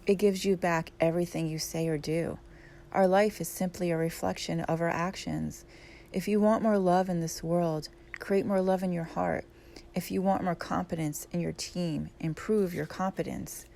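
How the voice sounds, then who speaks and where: A gentle, patient father teaching his son, read by a woman narrating an audiobook. His voice sits low with a slight gravelly edge, and he explains things calmly and kindly. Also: moderate pace. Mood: gentle, wise.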